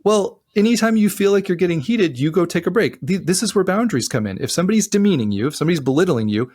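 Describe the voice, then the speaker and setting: A man's voice: sits high, expressive, fast, darkish tone. A man co-hosting a casual relationship advice podcast, earnest and emphatic, his voice climbing when he stresses a point. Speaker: co-host.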